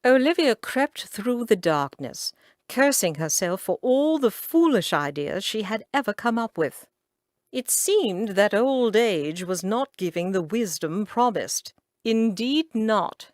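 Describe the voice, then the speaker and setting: A woman narrating an audiobook in an expressive, dramatic reading style. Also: medium pitch, dry recording, studio quality.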